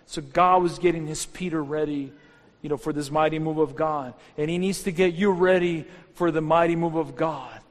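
A man's voice: fairly high pitch, fairly even intonation, normal speed. A man preaching a sermon as pastor, fervent and rising into exhortation. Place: church hall. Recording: long hall reverb with faint music.

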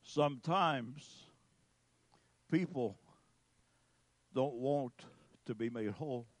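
A man preaching a sermon as a pastor, slow and emphatic with dramatic pauses. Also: medium pitch, dry recording.

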